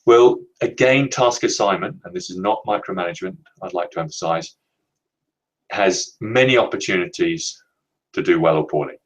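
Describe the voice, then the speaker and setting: A man presenting a leadership training webinar, explaining in a measured, emphatic way and slowing down to stress key words. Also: low-pitched, poor audio.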